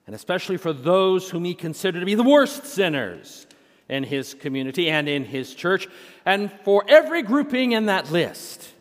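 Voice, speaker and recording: A man preaching in a church sanctuary, measured and unhurried, with a humorous storytelling touch. His voice sits fairly high for a man. A long hall reverb follows each phrase. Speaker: senior pastor. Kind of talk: sermon with storytelling.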